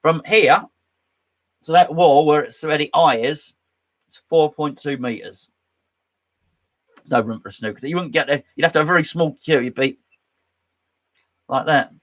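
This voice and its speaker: A man's voice: on the high side, normal speed, long pauses, a bit bright. A man hosting a casual live stream from his home man cave, rambling and joking as he reads out chat comments. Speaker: host.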